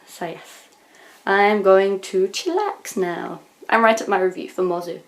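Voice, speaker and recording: A young English woman talking casually in a video diary, gushing and excitable, often sighing and sometimes dropping to a hushed near-whisper. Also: lowish voice, moderate pace. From England. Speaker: vlogger.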